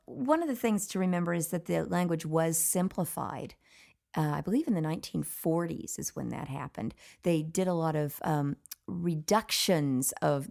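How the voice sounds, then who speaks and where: A woman's voice: low voice, gravelly, darkish tone. A woman leading a casual language lesson, patiently explaining pronunciation and spelling. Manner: patient, explanatory, light laughs. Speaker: session leader, language teacher.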